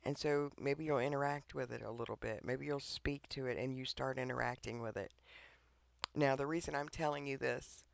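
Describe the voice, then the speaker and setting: A man gives an informal devotional message, pleading and earnest, often pausing to check in with his listeners. His voice sits in an ordinary middle range with a gravelly, creaky edge. It is recorded close to the mic in a dead, dry room. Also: mid-range voice, fairly even intonation, no room sound. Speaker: online devotional preacher.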